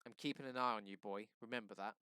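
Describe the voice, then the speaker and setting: A man voicing a stern male police officer in a read-aloud novel, barking orders loudly. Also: lowish voice, steady tone, fast, clear, resonant tone, dry recording, studio quality. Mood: commanding.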